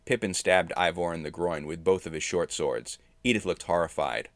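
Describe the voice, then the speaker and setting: Deep-voiced man, dry close sound, recounts a fantasy game session as a story. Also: normal speed, no echo. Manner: steady, understated prose narration. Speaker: narrator recapping a tabletop game.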